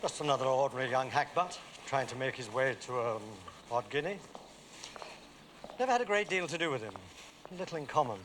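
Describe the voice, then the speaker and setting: An older actor playing a clipped, drily ironic senior barrister, in a film drama. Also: male voice, medium pitch, expressive, a little fast, fairly bright tone, a little hiss or hum, natural voice. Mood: wry. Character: dry, worldly old English barrister.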